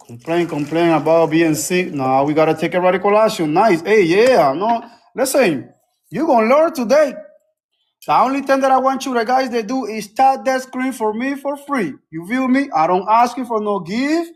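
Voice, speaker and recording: A man talking casually on a phone livestream, repeating himself and urging viewers to act. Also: high voice. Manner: repetitive, preachy, calls out to viewers.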